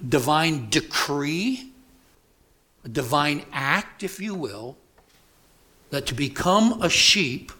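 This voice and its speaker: A male preacher delivering an expository sermon, speaking deliberately and emphatically and putting rhetorical questions to the congregation. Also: a little high, a bit bright.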